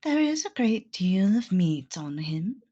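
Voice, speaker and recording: A woman's voice: mid-range voice, sing-song, takes it slowly, mellow, slightly rough, muffled recording, heavily acted. A woman voicing a formal, hungry female companion who speaks in stately, old-fashioned phrases. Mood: musing.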